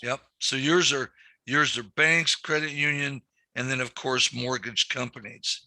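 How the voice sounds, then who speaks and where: Bright, animated male banking trainer. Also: medium pitch, unhurried, no room sound. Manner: animated storyteller, acts out quotes. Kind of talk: live training session.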